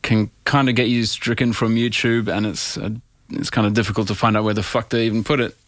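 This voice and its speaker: A man's voice: lowish voice, little pitch movement, a little fast, no echo. A man co-hosting a podcast in casual, sweary, rambling chat. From Australia. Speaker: podcast co-host.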